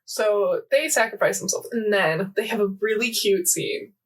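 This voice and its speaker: A young woman chatting on a podcast, her voice sitting at an ordinary middle pitch. She rambles animatedly, recounting scenes in quoted dialogue with a constant stream of fillers. She sounds a little distant from the microphone. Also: moderate pace, husky. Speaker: podcast co-host. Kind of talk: casual chat recapping a game event.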